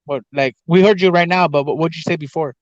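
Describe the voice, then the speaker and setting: A man's voice: a little high, quick pace, no room sound. A man co-hosting a boxing chat on a video call, talking casually and restarting his sentences as he hesitates. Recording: dull lo-fi call audio.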